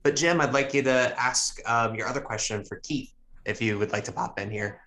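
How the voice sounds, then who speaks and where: A man's voice: medium pitch, moderate pace, sharp tone. A man moderating a voice acting class on a video call, steadily handing the floor to a participant.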